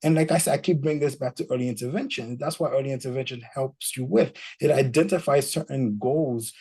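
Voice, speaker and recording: Speaking briskly in a husky, medium-pitched voice, a man appears as a guest in a casual, code-switching chat. He tells stories with animation, performing quotes from parents and kids. The recording is rough.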